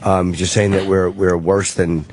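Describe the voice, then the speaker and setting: A man co-hosting a talk radio show, reasoning out loud and speculating in casual banter. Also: sits low, level tone, measured pace.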